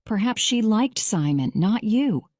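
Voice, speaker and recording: A woman voicing a calm male lawyer questioning a witness, read slowly and evenly. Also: mid-range voice, no room sound, studio quality. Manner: measured, slow graded-reader delivery.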